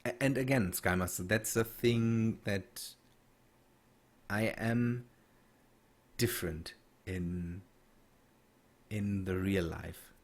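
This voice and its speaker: A man streaming a game and chatting with viewers, halting and restarting as he reads chat. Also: on the low side. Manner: halting, many restarts and fillers while reading chat. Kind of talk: casual gameplay stream chat.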